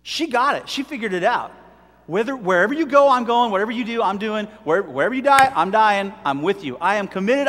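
A middle-aged man preaching a sermon with animated delivery, telling stories and acting out voices. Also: sits high, fairly quick, in a large hall. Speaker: pastor.

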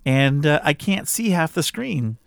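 A man's voice: fairly high pitch, lively intonation, measured pace, creaky, no echo. A middle-aged man co-hosting a casual home podcast, talking in a rambling, easygoing way with frequent restarts. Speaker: podcast co-host.

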